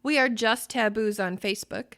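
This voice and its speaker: A woman co-hosting a casual podcast, talking in a lively storytelling way with bursts of laughter. Her voice sits a bit high and sounds bright and clear. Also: moderate pace. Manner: animated storytelling, breaks into loud laughter. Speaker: podcast co-host.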